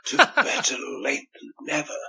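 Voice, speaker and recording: A man's voice: moderate pace, sharp tone, rough recording. A man in a voicemail putting on an exaggerated fake accent, theatrical and over the top. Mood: hammy. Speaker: caller.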